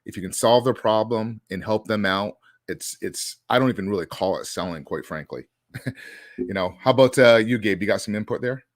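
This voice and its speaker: Man, low voice, podcast host, easygoing, dry sound. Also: brisk, no echo. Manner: easygoing, passes the floor to others. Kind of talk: casual podcast chat.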